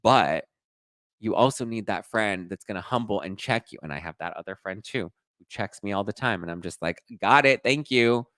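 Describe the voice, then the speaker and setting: A man's voice: sits low, fairly quick, a bit bright, dry recording. A man hosting a casual live gossip chat, sassy and dishy, reading and reacting to viewer comments. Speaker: host.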